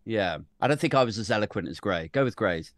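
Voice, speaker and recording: A man's voice: lowish voice, animated, quick pace, no echo, studio quality. A man co-hosting a casual political podcast, loose and rambling, swearing freely. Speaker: podcast co-host.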